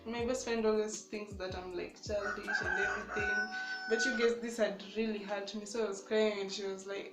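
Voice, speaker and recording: A woman's voice: medium pitch, flat delivery, fairly quick. Chatty young woman telling a story. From Kenya. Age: young adult. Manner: chatty, full of "like" and "you guys". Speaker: student vlogger. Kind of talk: casual storytime vlog. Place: student dorm room. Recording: echoey room, music playing behind.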